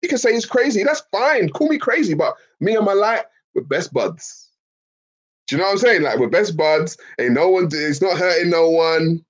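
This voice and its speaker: A man rants at his live chat in a casual, profane flow, circling back over the same points. His voice sits fairly high and swings widely, with a husky grain. The sound is dull and lo-fi. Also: normal speed. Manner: animated, swearing, repeating points. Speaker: streamer talking to chat.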